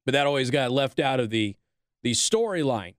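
A man hosting a talk show, delivering a sarcastic, animated political commentary monologue. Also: mid-range voice, normal speed, no room sound, clean studio sound.

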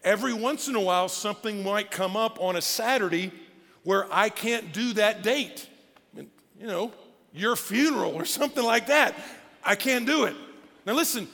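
Pastor guy preaching casual and animated, kinda high voice, big church reverb. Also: normal speed, vocal fry. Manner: conversational, animated preaching with asides. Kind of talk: sermon. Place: church auditorium. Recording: long church hall reverb with faint music.

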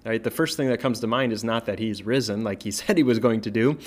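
A man, a pastor, retelling a Bible story in a casual, conversational way, often checking in with "right?" and pausing on fillers. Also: fairly low pitch.

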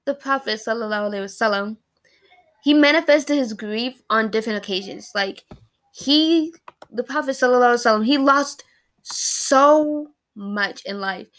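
Emotional young woman, bright voice. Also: a little high, a little fast. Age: early 20s. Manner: rambling, many fillers and restarts, emotional. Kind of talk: casual personal talk to camera.

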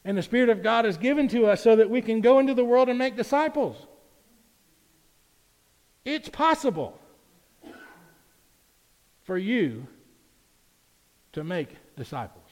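A man's voice: very high voice, big pitch swings, measured pace, pauses often, darkish tone. A man, preaching a sermon in a church sanctuary, chatty at times and emphatic at others. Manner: conversational preaching, rising to emphatic peaks. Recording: reverberant church hall.

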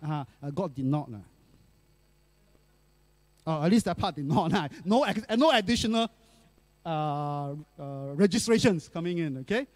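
A man's voice: on the high side, expressive, normal speed, pauses often, no room sound. A middle-aged male pastor, telling a personal story in a sermon in a chatty way, full of fillers and tag questions.

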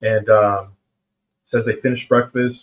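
A man's voice: fairly low pitch, flat delivery, a little slow. A middle-aged man from South Carolina hosting a faith podcast, talking casually and earnestly, often saying "man" and restarting his sentences. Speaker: podcast host. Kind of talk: reflective faith talk. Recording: phone-like narrow band.

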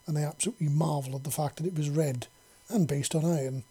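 Husky male story narrator. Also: fairly high pitch, steady tone, quick pace, mellow. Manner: casual, chatty story narration. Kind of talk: story reading.

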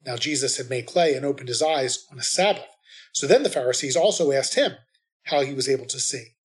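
A man reading the responsorial psalm and scripture readings at Mass in a measured, steady way. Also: medium pitch.

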